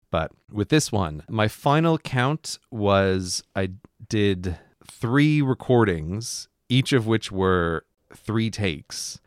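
A man's voice: on the low side, no room sound, studio quality. A man co-hosting a podcast, chatting casually and reflectively, with lots of "like" fillers. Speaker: podcast co-host. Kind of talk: casual chat.

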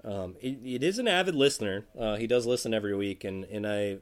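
A man with a fairly low voice co-hosts a casual sports talk show. He rambles through his points, stopping to restart and filling gaps with ums and uhs. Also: lively intonation, a little fast. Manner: rambling, many fillers and restarts. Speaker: podcast co-host.

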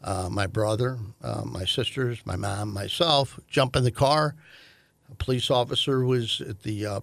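An older man recounts a family memory in a gravelly, fry-laden voice, pausing often on fillers and restarts. The sound is dry and close, with no room around him. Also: mid-range voice, fairly bright tone, no echo. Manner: halting, many fillers and restarts. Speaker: guest, host's father. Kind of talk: conversational storytelling.

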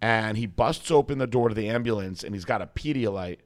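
A man's voice: fairly low pitch, brisk. A man guest coach telling a story in a casual interview, swearing freely and mimicking others in a raised voice. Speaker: podcast guest, bodybuilding coach.

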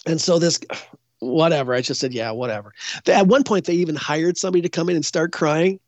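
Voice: medium pitch, fast talker, no echo. A psychic guest in an interview, telling stories in a casual, rambling way, restarting sentences and acting out what others said. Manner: rambling, frequent restarts and self-corrections; acts out other people's words when retelling. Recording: dull, dry lo-fi recording.

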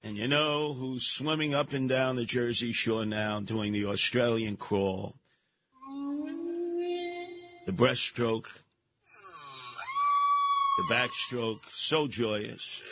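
A man hosting a talk radio show, delivering a brash, mocking monologue with frequent shouting and a New York accent. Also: medium pitch, steady tone, slow.

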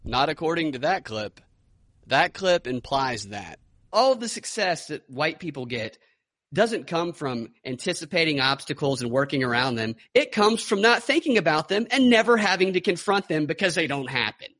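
A man with a somewhat high voice hosts a political podcast. He speaks with a sarcastic edge and lines up clips to comment on. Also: very animated, normal speed, a bit bright. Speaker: podcast host. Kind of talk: casual political chat.

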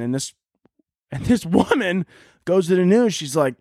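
A man's voice: high-pitched, expressive, normal speed, mellow, no room sound, studio quality. A man hosting a podcast, ranting in a profane, rambling comedic monologue. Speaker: podcast host.

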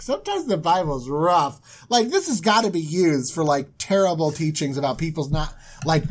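A woman co-hosting a casual chat, retelling a Bible story in an animated, joking way and acting out the quotes. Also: low-pitched, moderate pace, few pauses. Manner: animated and joking, acts out quotes, laughs often. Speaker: podcast co-host.

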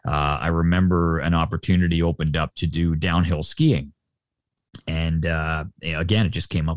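In a dry studio-quality recording, a middle-aged Canadian sportscaster speaks at normal speed in a low voice with fairly even intonation. As an interview guest in casual chat, he rambles, using plenty of fillers and restarts.

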